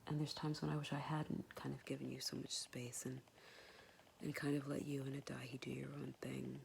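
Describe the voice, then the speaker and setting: Gravelly whispering mother. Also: very deep voice, flat delivery, slight background noise. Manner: soft and hesitant, many pauses and fillers; tender and apologetic. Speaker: mother speaking to her son. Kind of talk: whispered personal message.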